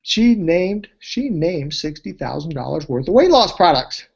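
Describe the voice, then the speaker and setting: A man presenting a weight-loss program, telling testimonial stories in an animated way, his voice leaping high when he gets excited. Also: a little slow, vocal fry, breathy edge, dull audio. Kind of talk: testimonial storytelling speech.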